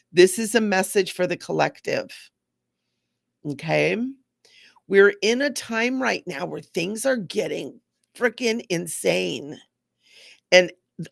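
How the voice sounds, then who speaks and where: A woman's voice: on the low side, gravelly, no echo, clean studio sound. A woman hosting a live spiritual card reading, chatty and affirming, repeating mantras to her viewers. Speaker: intuitive card reader.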